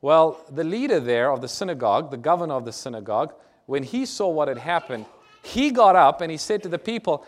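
A man's voice: on the high side, very animated, brisk. A man preaching a sermon, reading scripture aloud, explaining it and asking his listeners rhetorical questions. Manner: asks the audience rhetorical questions. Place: church or lecture hall with a screen.

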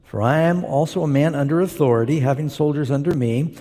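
A man preaching in a church hall, his fairly high, mellow voice trailing off into long reverb. He reads scripture aloud and breaks off for relaxed, conversational asides to the congregation. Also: brisk. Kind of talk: sermon with scripture reading.

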